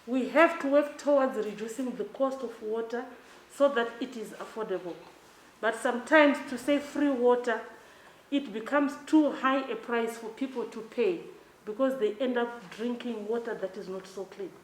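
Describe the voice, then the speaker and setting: A woman from Zimbabwe, a development bank official giving a measured, emphatic formal speech. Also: a little high. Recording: echoey hall with faint ambience.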